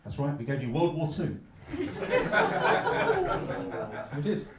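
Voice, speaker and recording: A man from London with a Cockney accent, performing a stand-up comedy set with a deadpan, mock-glum delivery and punchlines he pushes up loud. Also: a little high, takes it slowly, distant mic. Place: comedy club stage. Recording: echoey club, heard from afar. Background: audience laughter.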